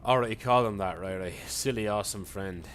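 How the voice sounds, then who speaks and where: A tired man with a deep, low voice rambles through casual live-stream chat as he plays. He answers his viewers between moves in a loose, easygoing way. A faint hiss sits under his voice. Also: brisk, fairly bright tone. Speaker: speedrunning streamer.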